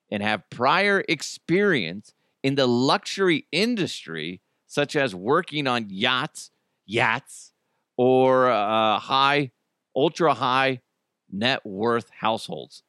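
A male podcast host gives casual news commentary, blunt and profane, often laughing. His pitch moves lively while his pace stays unhurried. The sound is dry and close. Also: no echo.

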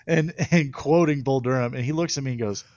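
Podcast guest, male, animated storyteller, dry close mic. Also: mid-range voice, no room sound, muffled recording. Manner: animated storyteller, laughs often. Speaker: guest pitcher. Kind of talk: casual podcast chat.

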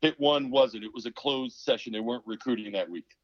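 A man in his fifties, formerly a pro basketball player, tells a story as a podcast guest, animatedly acting out the people he quotes. His voice is medium in pitch and brisk. The recording is dry and dull.

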